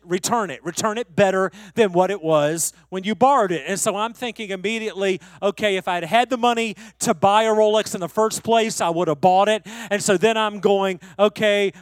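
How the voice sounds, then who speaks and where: A man's voice: high-pitched, no room sound. A man preaching a sermon as a pastor, telling a personal story in a conversational way with lots of "you know".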